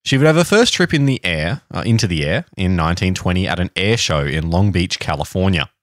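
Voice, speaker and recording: A man's voice: sits low, expressive, a little fast, no echo, studio quality. An Australian man co-hosting a podcast, telling a history story in a casual, joking chat. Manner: reads history notes, jokey asides. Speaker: podcast co-host.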